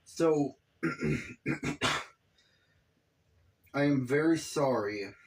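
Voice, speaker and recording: A man's voice: mid-range voice, animated, extremely slow. A man giving casual, profane reaction commentary on a video, exasperated and rambling.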